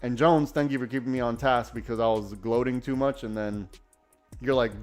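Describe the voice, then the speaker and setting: A man hosting a live trading stream, talking casually and excitedly, often restarting his sentences. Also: medium pitch, moderate pace, faint music behind. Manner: enthusiastic, rambling, self-correcting. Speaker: day-trading livestream host.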